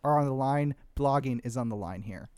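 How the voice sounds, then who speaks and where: A man's voice: mid-range voice, a little fast, darkish tone, dry recording, clean studio sound. A man sarcastically picking apart a movie in casual chat, often laughing as he talks. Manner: sarcastic, laughs into his points. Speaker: podcast co-host.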